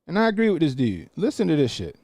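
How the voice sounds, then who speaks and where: Male stream host, animated and profane, fairly high voice, dry studio sound. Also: fast talker, no echo. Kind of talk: live-stream commentary.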